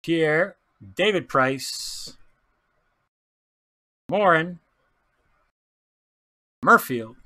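An excitable man talks through a pack break in a loose, chatty way, tripping over names and laughing as he goes. His pitch swoops all over and sits a bit high, and his tone is bright and forceful. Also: drawn-out words, pauses often. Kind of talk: casual card-opening commentary.

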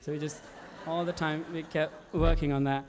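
A male commercial director telling stories about his work in an animated way, with frequent restarts and fillers. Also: on the high side, normal speed, a little hiss or hum.

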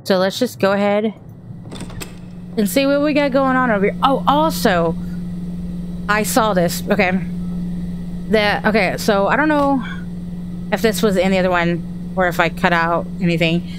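A woman talks her way through a horror game, musing out loud, reading items off the screen and jumping at every sound. Her voice sits in an ordinary middle range. A steady hum of background noise runs clearly under the recording. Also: medium pitch, normal speed, long pauses. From Texas. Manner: chatty, thinks aloud, jumpy and easily startled. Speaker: gaming streamer. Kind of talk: horror game let's-play commentary.

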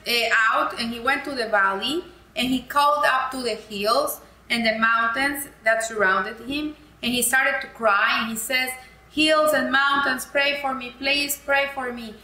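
A woman's voice: on the high side, sharp tone, echoey room, rough recording. A woman giving a weekly Torah lesson, telling a story in an earnest, heartfelt way. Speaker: Torah teacher.

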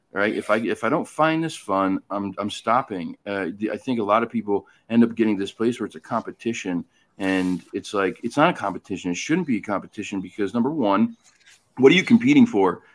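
A man hosts a casual podcast conversation. He makes his points frankly and emphatically, with plenty of pauses and fillers, in a fairly low voice. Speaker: podcast host. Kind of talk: casual chat.

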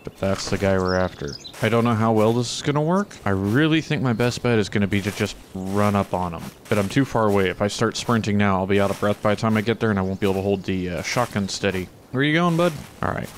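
A man with a lowish voice giving relaxed, chatty commentary over his own gameplay. He talks to the animals on screen and swears only mildly. A faint hiss of noise sits under the recording. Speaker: gaming channel host.

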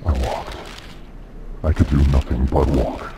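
An actor playing an eerie, disembodied man in a horror game, speaking in a deep, hollow, gravelly voice. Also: steady tone, a little slow, very noisy. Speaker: game character.

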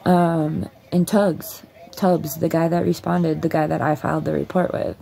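A woman's voice: deep voice, fairly even intonation, unhurried, gravelly, dark tone. A woman vlogger at home, bluntly and profanely retelling a story in a casual storytime.

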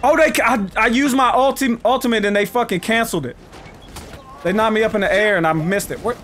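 A man streaming a game with loud, profane trash talk and sudden shouts. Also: high voice, fairly quick, a little hiss or hum. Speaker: gaming streamer. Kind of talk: live gameplay commentary.

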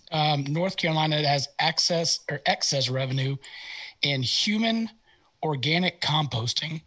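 A man's voice: on the high side, unhurried, sharp tone. A man hosting a podcast, talking in a laid-back, chatty way and laughing often. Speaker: podcast host. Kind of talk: casual chat. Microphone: remote call.

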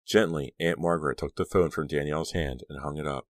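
A man narrating an audiobook in an expressive, measured storytelling manner. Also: a bass voice, no room sound.

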